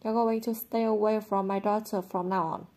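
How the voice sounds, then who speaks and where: A woman's voice: mid-range voice, steady tone, normal speed, mellow, lightly acted. A woman reading the lines of a stern, angry father in an audiobook, speaking curtly and harshly. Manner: curt, harsh.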